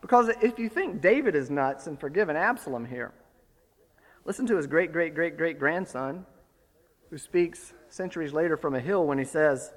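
A man preaching a sermon, retelling a story with lively, building emphasis. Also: on the high side, moderate pace, long reverb tail. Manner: storytelling, animated, rising to forceful emphasis.

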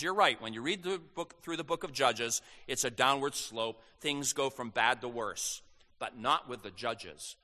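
A man's voice: mid-range voice, measured pace, bright, forceful tone, in a large hall. A man preaching a sermon, teaching through scripture with emphatic rising stresses. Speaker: pastor.

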